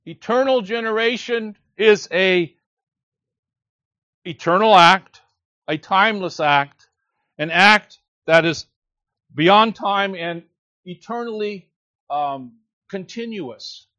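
A man preaching a sermon, earnest and measured, teaching a scripture passage with emphatic quotes. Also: sits high, sharp tone, dry recording, lo-fi sound.

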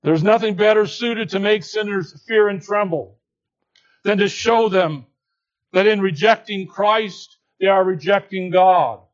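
Deliberate high-voiced male preacher. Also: highs cut off. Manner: deliberate, swings between hushed low tones and raised emphatic lines. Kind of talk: expository sermon.

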